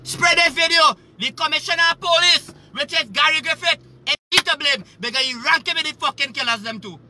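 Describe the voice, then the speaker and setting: A Trinidadian man delivering an agitated, profane, repetitive rant on a live stream, often shouting. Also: very high-pitched, brisk. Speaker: livestreamer.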